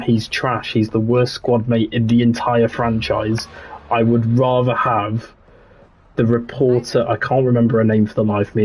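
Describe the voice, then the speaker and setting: This is a young Englishman with a husky, breathy voice he tones down for his audience. He chats loosely on a livestream, trailing off and restarting sentences as he plays. His pitch sits in the middle for a man. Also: a little mellow. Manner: chatty, rambling, with frequent restarts and laughs. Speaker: streamer. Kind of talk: casual livestream chat while gaming.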